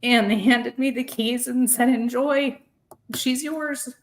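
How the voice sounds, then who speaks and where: With a slightly high, steady voice at a slow pace, a woman in her thirties tells a personal story as a podcast guest. She's earnest and emotional, nearly in tears, and keeps repeating words in her heartfelt telling.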